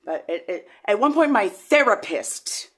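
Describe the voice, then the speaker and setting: A middle-aged woman telling an emotional personal story, rambling and halting with many repeated words, swinging from quiet to loud. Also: expressive. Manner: shifts from low and quiet to loud and high when agitated. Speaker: vlogger.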